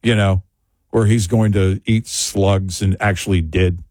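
Lower voiced radio guy, dry studio mic, rambling joky stories with lots of laughing. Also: steady tone, unhurried, a little mellow, no echo. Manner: rambling, joking, laughs often. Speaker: radio talk show co-host. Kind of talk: casual talk radio chat.

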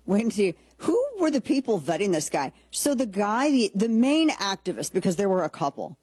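A woman's voice: lowish voice, a little mellow, slightly rough, no echo. A woman hosting a political talk show. She gives opinionated commentary in a sarcastic, blunt and jokey way, and often restarts her sentences.

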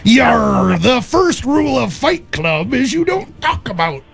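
A radio host voicing a gruff male pirate who growls yar around a movie quote. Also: very high-pitched, very animated, measured pace, a bit bright, soft background music, pitched above the performer's own voice, full character voice. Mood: mock gruff.

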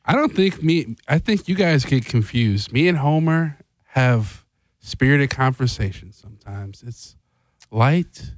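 A man co-hosting a radio talk show, answering back in a low-key way. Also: expressive, a little slow, no echo. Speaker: radio co-host. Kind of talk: casual radio banter.

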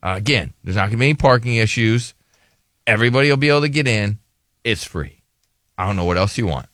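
A man hosting a radio show, chatting casually, rambling and repeating words in quick bursts. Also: lowish voice, animated, fairly bright tone, no room sound, clean studio sound.

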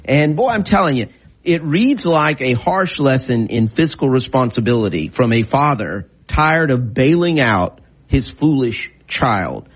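A man's voice: mid-range voice, animated, a little slow, slightly rough. A man co-hosting a talk radio show, chatting casually and rambling through lots of fillers. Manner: rambling, full of fillers and restarts.

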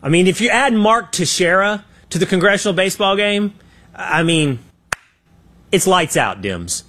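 Animated male political talk host. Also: high voice, moderate pace, slight background noise. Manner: animated, acts out quotes in his own voice, trailing restarts.

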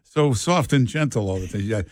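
A man's voice: mid-range voice, lively intonation, moderate pace, darkish tone, dry recording. A man hosting talk radio, blunt and joking, talking to callers and his co-host. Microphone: studio mic.

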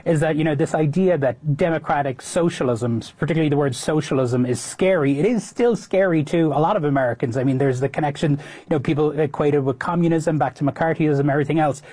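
A male reporter with a mellow, warm voice and a fairly high pitch, played as a news clip. He answers in a measured way, hedging with small fillers as he explains. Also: breathy edge. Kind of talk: news interview.

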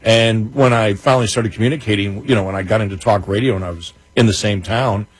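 Husky-voiced man telling stories on air. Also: on the low side, fast, no echo, poor audio. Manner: storytelling, animated, many restarts. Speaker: radio talk show co-host. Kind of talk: casual on-air chat.

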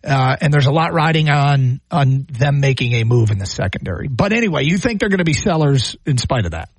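A man's voice: mid-range voice, expressive, a little fast, breathy edge, no room sound. A man hosting a sports talk radio show, who cuts in with probing questions for a caller.

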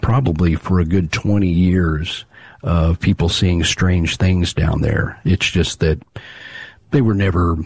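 A deep-voiced man with a husky, slightly rough tone talks through his research in a measured, explanatory way. The sound is dry and close, with no room echo. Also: fairly even intonation. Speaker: researcher of local monster legends. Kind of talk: interview answers.

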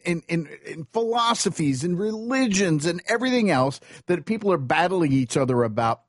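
Middle-aged man, radio co-host, lively swooping voice, slightly high, dry close sound, mock-outraged rant. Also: no room sound. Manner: animated ranting, mock indignation. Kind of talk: casual morning radio chat.

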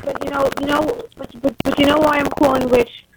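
Gravelly woman calling in. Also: sits high, heavy background noise. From Brooklyn, New York. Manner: chatty, earnest, concerned. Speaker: caller. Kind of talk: phone-in call.

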